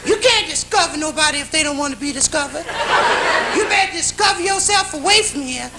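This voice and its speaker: Man doing a shrill defiant young woman. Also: animated, a little fast, over a noisy crowd. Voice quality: shrill falsetto. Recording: hissy old TV broadcast. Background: loud audience laughter.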